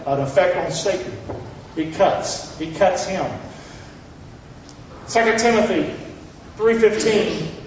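A male pastor preaching a blunt, rousing sermon that swings from loud calls to hushed lines. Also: high-pitched, slight background noise. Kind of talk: fiery sermon. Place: large church hall. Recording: echoey hall, distant mic, dull sound.

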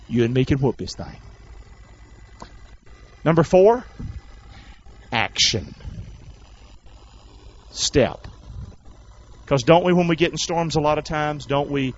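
Call-and-response preacher man, lo-fi. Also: fairly high pitch. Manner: call-and-response preaching, swings from shouting to hushed. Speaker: pastor. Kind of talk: sermon. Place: church hall with congregation.

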